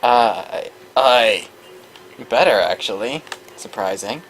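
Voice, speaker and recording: A woman voicing a laid-back young male stoner with a slow, dazed drawl. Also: rumbling low, animated, pitched below the performer's own voice, exaggerated voice, poor audio.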